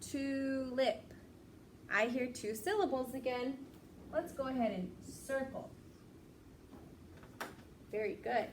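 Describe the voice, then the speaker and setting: Slow, patient woman teaching young kids. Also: sits high, animated, background noise. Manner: patient, encouraging, stretches out words. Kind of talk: slow, clear lesson for young children.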